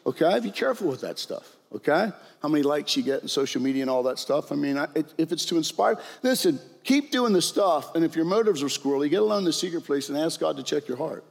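An older man delivers a sermon in a casual, storytelling way, checking in with his listeners often. His voice sits a bit high for a man, with a gravelly, husky grain. The sound carries a long reverb, as if from a large hall. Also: expressive, fast talker, few pauses. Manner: conversational, frequent "right?" and "okay?" asides. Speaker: preacher.

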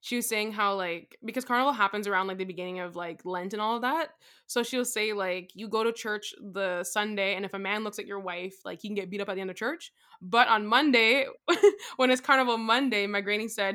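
A woman's voice: medium pitch, a bit bright. A young woman co-hosting a podcast, teasing her co-host and laughing in casual chat. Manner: playful teasing, quick laughter.

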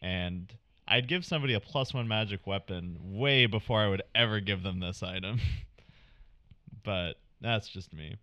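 A man's voice: lowish voice, moderate pace, no echo, dull audio. A man on a casual podcast, reasoning through game items analytically and chuckling between points. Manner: analytical, laughing often. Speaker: podcast panelist.

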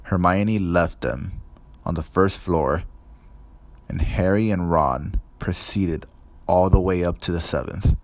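A man reading a storybook aloud in steady, measured scripted narration. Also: low-pitched, no echo. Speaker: audiobook narrator.

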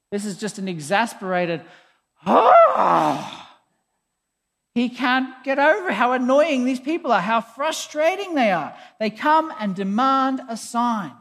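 A preacher giving a conversational, emphatic sermon, often sounding exasperated. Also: mid-range voice. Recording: long hall reverb.

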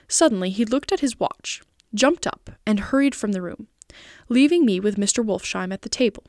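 A woman narrating a classic novel aloud in an even, clear storytelling manner. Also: mid-range voice, normal speed, dry recording, clean studio sound. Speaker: podcast reader. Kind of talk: scripted narration.

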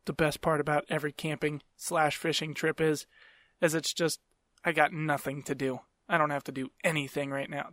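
A podcast host with a fairly high, slightly bright voice tells stories in a casual, rambling chat. He swears freely and laughs mid-sentence, on a dry, clean studio recording.

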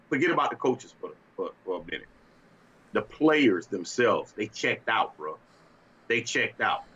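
A man's voice: on the low side, bright, forceful tone, muffled recording. A man co-hosting a casual sports talk show, ranting in a fiery, exasperated way and breaking into laughter. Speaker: podcast co-host.

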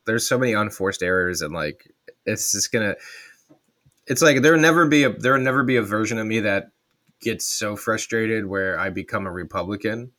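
A man co-hosting a casual podcast chat, talking in rambling, animated runs and correcting himself as he goes. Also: fairly low pitch, normal speed, no room sound.

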